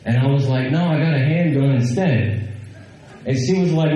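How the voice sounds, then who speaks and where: Animated storytelling man in an echoey room. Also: fairly high pitch, moderate pace. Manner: animated, quoting others, laughing. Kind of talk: casual storytelling.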